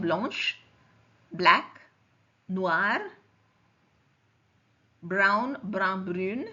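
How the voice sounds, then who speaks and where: A woman lectures as a French teacher, speaking slowly and patiently. She repeats each form and keeps checking that her students follow. Her voice is bright and the recording sounds muffled and lo-fi. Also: medium pitch. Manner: slow and explanatory, repeats forms and checks understanding. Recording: dull lo-fi recording.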